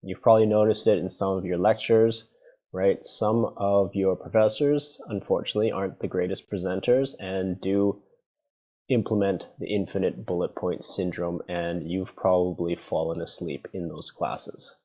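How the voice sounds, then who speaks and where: A university lecturer with a low, dark, steady voice talks at a moderate pace about presentation design. He's conversational and playfully sarcastic, repeatedly checking in with "right?" and "okay?", and the lecture recording is dull and lo-fi.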